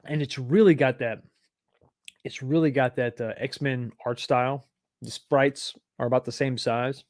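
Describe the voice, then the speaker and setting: A man's voice: medium pitch, steady tone, unhurried, a little mellow, dry recording, studio quality. A man from East Texas, hosting a casual livestream and rambling as he reads viewer comments aloud and answers them. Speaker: livestream host.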